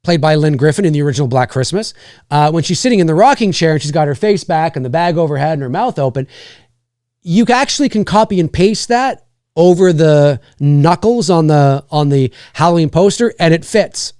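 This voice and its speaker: A man's voice: fairly high pitch, expressive, a little fast, darkish tone, no room sound, studio quality. A man with a Canadian accent hosting a live stream, chatting casually and rambling with lots of fillers and restarts.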